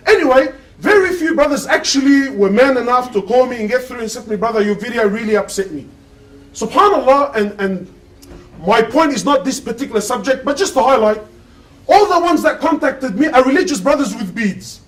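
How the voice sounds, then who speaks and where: A man's voice: very high voice, lively intonation, brisk, recorded from a distance, rough recording. A man giving an impassioned sermon, firing rhetorical questions at his listeners. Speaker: preacher giving a Friday sermon.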